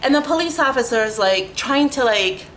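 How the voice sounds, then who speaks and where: A woman's voice: moderate pace, a little hiss or hum, poor audio. Chatty woman telling a wild story. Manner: animated, chatty, profane, lots of "like" fillers; acts out her own quoted lines with rising pitch. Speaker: vlogger. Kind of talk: casual storytime vlog.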